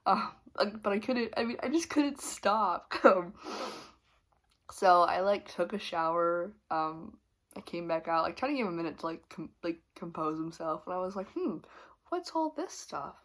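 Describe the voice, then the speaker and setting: A woman's voice: lowish voice, normal speed, a bit bright. A young woman vlogger telling a candid, rambling story with lots of fillers and laughter. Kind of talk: storytime confession.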